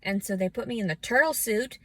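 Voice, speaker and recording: A woman's voice: a little high, fairly quick, rough recording. A woman in her thirties giving a scattered, emotional personal rant, often restarting and fighting back tears. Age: 30s. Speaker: vlogger. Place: outdoors.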